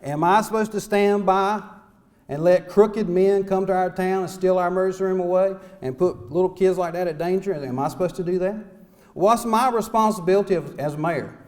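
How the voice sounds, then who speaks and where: A man's voice: high voice, moderate pace, darkish tone. A middle-aged man, a small-town mayor giving an impassioned, folksy speech full of rhetorical questions at a conference. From North Carolina. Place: conference hall.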